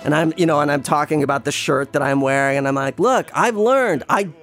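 A man's voice: mid-range voice, little pitch movement, quick pace, fairly bright tone. A man telling a rambling, self-deprecating personal story in a casual way, with many restarts and some swearing. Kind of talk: casual spoken anecdote.

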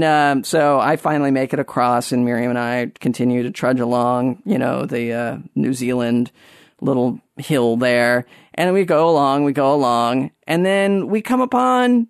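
A man's voice: mid-range voice, clean tone, no room sound, clean studio sound. Rambling man telling a podcast story. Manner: rambling, with many fillers and restarts and animated swings when telling a story. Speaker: podcast host. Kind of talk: casual storytelling monologue.

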